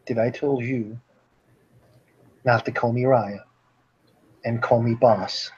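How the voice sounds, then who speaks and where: Man playing a hushed, threatening crime boss, touchy about his name; muffled, lo-fi audio. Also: medium pitch, steady tone, slow, breathy edge, voice pushed down. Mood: menacing. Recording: dull lo-fi recording.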